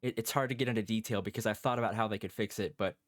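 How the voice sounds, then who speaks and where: A man's voice: lowish voice, very fast. A man co-hosting a podcast, chatting casually and acting out his reactions while he tells a story. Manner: animated storytelling, acts out his own thoughts. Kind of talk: casual chat.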